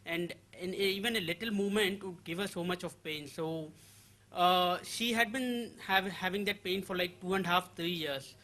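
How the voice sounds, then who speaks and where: A man giving a personal testimony at a seminar, telling his story briskly with tag questions. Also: high voice, sharp tone.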